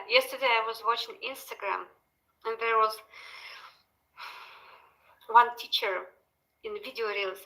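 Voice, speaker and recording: Young woman, russian native, practicing english speaking, lots of likes and ums, bright voice. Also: fairly high pitch, creaky, poor audio. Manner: chatty, hesitant, filler-heavy. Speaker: language student.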